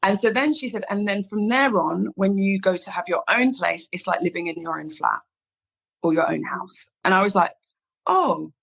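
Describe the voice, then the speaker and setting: Animated London woman telling stories. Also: medium pitch, moderate pace, gravelly, poor audio. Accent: London English. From England. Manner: animated, acts out quoted people in her stories. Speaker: guest, hairdresser and salon founder. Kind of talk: casual interview storytelling.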